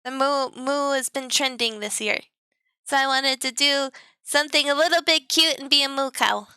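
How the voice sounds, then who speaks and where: A woman's voice: sits high, fairly even intonation, normal speed, pushed and bright, no room sound, studio quality. A young woman streaming as a VTuber, chatting to her viewers in a silly, teasing, sing-song way and giggling often. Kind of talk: playful live stream chat.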